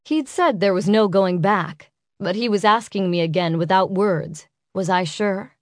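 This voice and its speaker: A woman reading a first-person romance audiobook in an intimate, unhurried way. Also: medium pitch, no echo, studio quality. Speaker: audiobook narrator.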